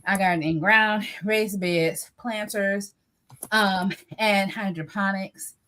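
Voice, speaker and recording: A woman hosting a casual online chat, out of breath and relaxed, with an easygoing, teasing manner. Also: medium pitch, slow. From Michigan. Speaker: host.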